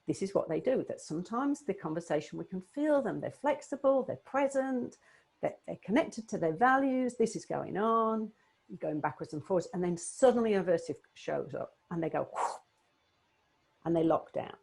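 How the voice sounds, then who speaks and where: Woman coach on a video call, low gravelly voice, kinda breathy, talks it through with restarts. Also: lively intonation, moderate pace. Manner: warm, explanatory, thinking aloud with restarts. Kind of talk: online coaching presentation.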